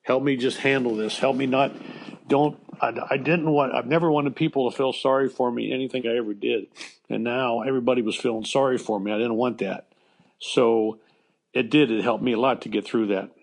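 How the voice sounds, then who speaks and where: An older American man, a former baseball coach, telling personal stories in an interview in a halting way with frequent restarts. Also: mid-range voice, fairly even intonation, gravelly. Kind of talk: emotional storytelling interview.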